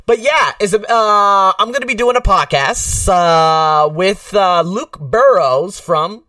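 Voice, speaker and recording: A man's voice: sits high, slow, no room sound, studio quality, recorded from a distance. A man from the United States, a podcast host, talking in a casual, rambling way with lots of fillers. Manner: rambling, filler-heavy, animated.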